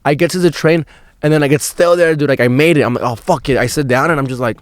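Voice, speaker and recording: A young podcast host with a slightly high voice talks fast as he tells a meandering, slang-heavy story peppered with "dude" and profanity. There's no room sound on the recording.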